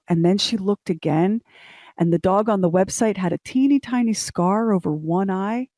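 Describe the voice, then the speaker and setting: A woman's voice: mid-range voice, normal speed, a little mellow, no echo. A middle-aged woman co-hosting a morning show, telling a story in a casual, emotional way. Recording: dry studio sound.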